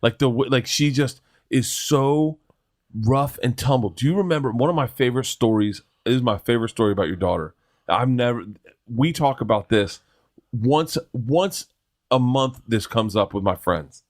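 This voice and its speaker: A middle-aged man, a guest in a casual chat, telling a story in an animated, rambling way with many restarts. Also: mid-range voice, normal speed.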